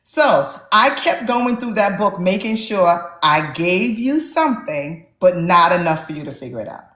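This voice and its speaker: A woman author in a casual interview, telling stories with animated energy. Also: lowish voice, unhurried, echoey room. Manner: animated storyteller, acts out quotes. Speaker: author guest.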